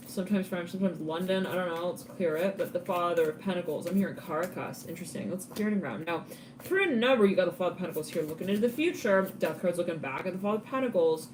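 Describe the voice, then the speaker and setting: A woman's voice: lowish voice, darkish tone, a little hiss or hum. Chatty woman giving a tarot reading. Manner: chatty, laughing, quick asides. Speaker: tarot reader.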